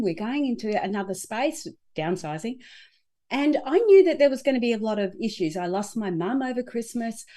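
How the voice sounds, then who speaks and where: A woman talking as a guest in an interview, animated and acting out her own inner dialogue. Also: fairly high pitch. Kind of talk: conversational interview.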